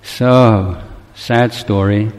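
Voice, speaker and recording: A man giving a Buddhist dharma talk, telling a story in a gentle, halting, reflective way. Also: lowish voice, fairly even intonation. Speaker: Buddhist teacher. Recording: long hall reverb.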